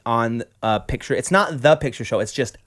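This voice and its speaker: Low-voiced playful woman podcast co-host. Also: normal speed. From Idaho. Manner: playful, rambling, heavy use of "like". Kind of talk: casual chat. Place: studio.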